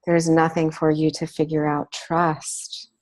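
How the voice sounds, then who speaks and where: A woman with a notably low voice hosting a spiritual teaching talk. She lingers on her words and draws each phrase out in a slow, deliberate rhythm. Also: monotone, darkish tone. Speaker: host.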